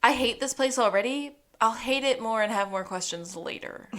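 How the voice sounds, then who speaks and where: A woman with a fairly high, slightly bright voice co-hosts a podcast. She recaps a TV episode in a casual, chatty way, laughing frequently and voicing the characters' quotes.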